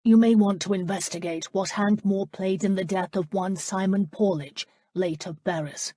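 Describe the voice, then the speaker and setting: A woman's voice: medium pitch, steady tone, moderate pace, dark tone, no echo, studio quality, lightly acted. A woman reading the lines of an earnest young male reverend who speaks firmly. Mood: reproachful.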